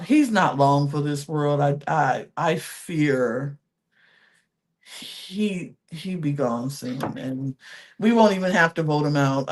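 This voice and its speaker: A woman co-hosting a podcast, recapping reality TV in a sassy, animated chat and laughing often. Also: low-pitched. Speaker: podcast co-host.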